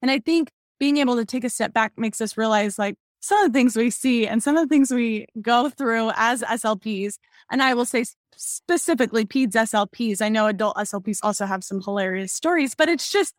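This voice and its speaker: A young woman, a pediatric speech-language pathologist, telling stories in a podcast interview in a chatty, animated way, laughing often. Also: a little high, a little fast, few pauses, no echo, clean studio sound.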